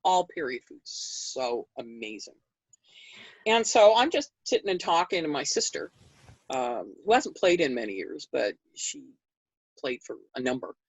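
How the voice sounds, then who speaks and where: A woman with a lowish voice tells a story at length in an interview, chatty and animated. She leaps up into higher tones whenever she acts out what others said. The sound is close and dry, with no room around it. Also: a little slow, slightly rough, dry recording, rough recording. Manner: animated, acts out quoted dialogue with big pitch jumps. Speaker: interview guest recounting history. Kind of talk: conversational storytelling.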